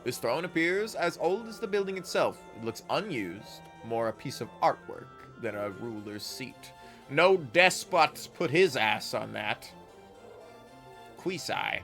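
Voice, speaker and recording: A man's voice: medium pitch, fairly bright tone. A man streaming a game, reading its text aloud and rambling casually with his chat, correcting himself as he goes.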